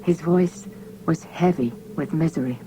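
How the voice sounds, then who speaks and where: Female audiobook narrator, measured and dramatic, slightly low pitch. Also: warm tone, slight background noise, low-quality recording. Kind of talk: scripted narration.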